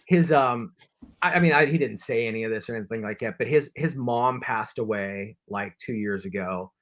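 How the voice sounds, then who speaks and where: A man's voice: medium pitch, normal speed, fairly bright tone. Man rambling through a long anecdote. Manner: rambling anecdote with acted-out quotes, many fillers. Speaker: co-host of a collecting live stream. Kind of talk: casual chat, storytelling.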